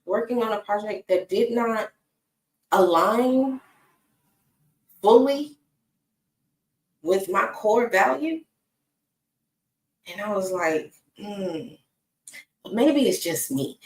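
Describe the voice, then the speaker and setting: A woman's voice: a little high, animated, slow, pauses often, recorded from a distance. A woman giving a casual faith talk, chatting straight to her viewers and breaking off now and then to talk to her dog. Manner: conversational, talks to her dog between points. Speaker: inspirational speaker. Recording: echoey room, away from the mic.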